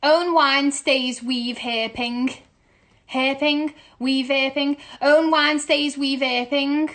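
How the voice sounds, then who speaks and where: A woman's voice: high voice, steady tone, takes it slowly, fairly bright tone. A woman playing a word-guessing game into her phone at home, repeating phrases aloud with incredulous outbursts. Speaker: musical theatre performer. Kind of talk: casual selfie video game.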